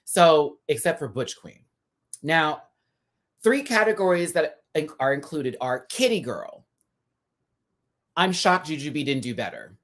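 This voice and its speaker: A man hosting a casual live review. He talks in a sassy, chatty way, full of drag slang and quick laughs. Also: animated, fairly bright tone. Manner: laughs often, dramatic pitch swings. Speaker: host reviewing a TV episode live.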